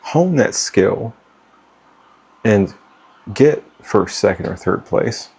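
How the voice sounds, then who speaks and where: A middle-aged man talks straight to his viewers with no script, blunt and full of swearing. His voice sits low and gravelly with a husky edge, and he pauses and restarts as he hunts for words. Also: lively intonation, darkish tone. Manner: blunt, profane, stumbling over words. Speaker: vlogger giving life advice. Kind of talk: unscripted talk to camera.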